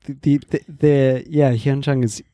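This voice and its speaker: Dude co-hosting a podcast, mellow voice, kinda halting, dry sound. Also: male voice, medium pitch, steady tone, no room sound. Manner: halting, repeats words. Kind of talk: casual chat.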